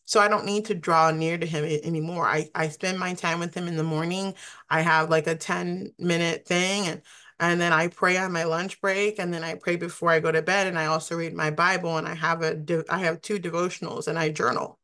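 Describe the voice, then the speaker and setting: A woman minister giving a prophetic word in a slow, solemn proclamation, then explaining scripture in a loose, chatty way with frequent restarts. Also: on the low side, fairly even intonation, fairly bright tone. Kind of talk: prophetic word and Bible teaching.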